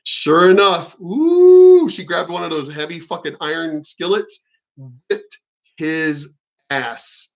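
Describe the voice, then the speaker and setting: A man in his forties rants on his commentary channel, swearing constantly and telling stories with heat. His voice sits a bit higher than most men's. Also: slow pace, vocal fry, a bit bright. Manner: profane, heated, storytelling. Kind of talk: ranting video commentary.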